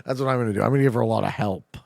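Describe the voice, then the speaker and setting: A Canadian man streams a game live, bantering casually and profanely with chat and getting fired up about his guesses. His mid-range voice is gravelly and rapid-fire, captured with studio quality and no echo.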